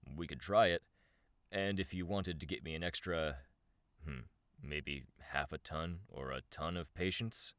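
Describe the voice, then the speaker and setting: Give me a man playing a dry, irritable young man with a very deep voice. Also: a little slow, fairly bright tone, dry recording. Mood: sarcastic. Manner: dry, sarcastic. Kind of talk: audiobook character voice.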